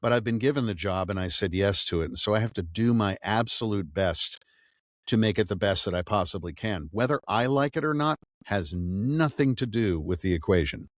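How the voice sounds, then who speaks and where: A man's voice: lowish voice, normal speed, dry recording, studio quality. A middle-aged man, an audiobook narrator, talking casually in an interview and telling stories animatedly. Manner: animated storyteller, acts out quoted dialogue.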